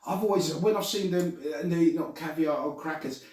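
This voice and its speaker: A man's voice: a little high, brisk, a little mellow, recorded from a distance. A man hosting a casual chat podcast, blunt, swearing freely and laughing often. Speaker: podcast host. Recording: echoey room, away from the mic.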